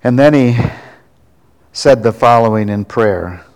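A man's voice: medium pitch, clear, resonant tone. Earnest male preacher in a reverberant hall. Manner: earnest, slows down to stress key words. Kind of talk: sermon storytelling. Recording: long reverb of a large hall.

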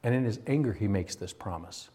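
A man's voice: on the low side, fairly quick. Emphatic preaching pastor, man. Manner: emphatic, swinging from raised intensity to quiet confiding. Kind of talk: sermon.

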